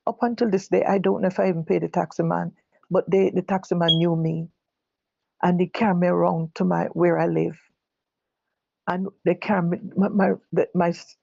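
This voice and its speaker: A middle-aged woman with a Jamaican accent, telling her own story in a halting way, often repeating words and correcting herself. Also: fairly low pitch, gravelly, mellow, slightly rough, no room sound. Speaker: bereaved mother giving testimony. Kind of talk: personal testimony. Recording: dull lo-fi recording.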